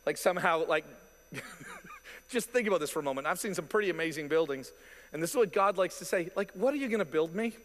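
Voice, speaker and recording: A male pastor preaching a sermon in an animated, conversational way, with asides and quoted voices. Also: a little high, fast, long pauses. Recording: long reverb of a large hall.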